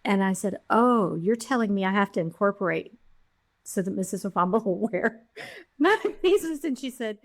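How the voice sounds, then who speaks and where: Animated woman telling her story. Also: mid-range voice, normal speed, dry recording, studio quality. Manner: animated storyteller, acting out quotes. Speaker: podcast guest, jewelry founder. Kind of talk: storytelling interview.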